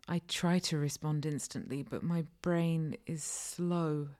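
A woman with a low voice reads an intimate audio story in the first person. She takes her time, and much of the telling drops into a breathy half-whisper. The delivery stays close and hushed. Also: level tone, slow. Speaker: narrator.

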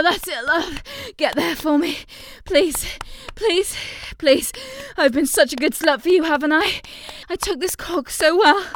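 A woman's voice: sits high, a little mellow, a little hiss or hum. Woman voicing a breathless possessive non-human lover. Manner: breathless, pleading. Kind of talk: adult audio role-play.

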